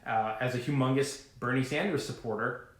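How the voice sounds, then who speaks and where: A man vlogging to camera about trading, talking in a rambling, animated way full of fillers and asides. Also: mid-range voice, brisk, echoey room. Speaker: finance vlogger. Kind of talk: casual talking-to-camera rant.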